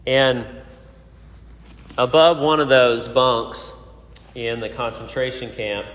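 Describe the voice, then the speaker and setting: Preacher in a reverberant hall. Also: male voice, medium pitch, takes it slowly, fairly bright tone. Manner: storytelling with frequent fillers and restarts. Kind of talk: sermon. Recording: echoey hall.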